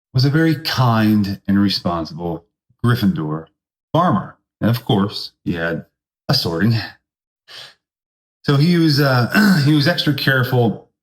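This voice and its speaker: A man hosting a comedy podcast, telling a rambling, deadpan tall tale with sudden jumps into put-on voices. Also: on the low side. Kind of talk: comedic storytelling monologue.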